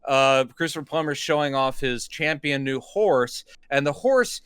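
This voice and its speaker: A man's voice: medium pitch, a little slow, fairly bright tone, clean tone, dry recording. A man co-hosting a podcast, casually retelling movie scenes and quoting the characters as he goes. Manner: rambling, retells scenes with quoted voices. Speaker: podcast co-host. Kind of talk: casual film discussion.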